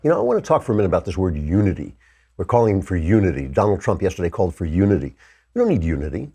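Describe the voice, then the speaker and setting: A man with a low, warm, slightly breathy voice hosts a political talk show, racing through a sarcastic, opinionated monologue into a studio mic. His pitch swings hugely as he mocks opponents by imitating them in exaggerated voices.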